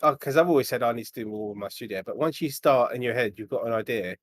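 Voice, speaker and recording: A British man with an ordinary mid-range voice, talking casually and excitedly on a podcast. He rambles a little and laughs easily. The recording is dry and close to the mic. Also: mid-range voice, fast talker, dry recording. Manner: chatty and excitable, laughs often.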